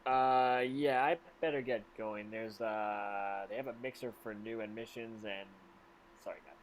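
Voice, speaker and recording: A brash, show-off teenage boy, put on by a woman in a fan script reading. His voice sits a little lower than hers and swings between loud sing-song boasting and mumbling. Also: fairly even intonation, unhurried, a little hiss or hum. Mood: awkward. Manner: loud sing-song bragging, then mumbling awkward retreat. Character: cocky teen boy rival, brash show-off. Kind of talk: fan table read of a film script.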